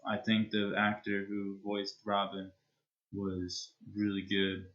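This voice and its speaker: Slow, rambling male streamer. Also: fairly low pitch, completely flat delivery, fairly bright tone, dull audio. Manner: rambling and hesitant, with many restarts. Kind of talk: casual chat wrapping up a live stream.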